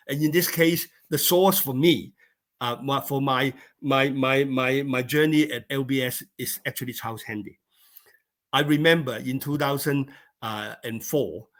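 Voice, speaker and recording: A man's voice: medium pitch, fairly bright tone. A middle-aged man, originally from China, telling a personal story as an interview guest, with many fillers and repeated words. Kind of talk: storytelling in conversation.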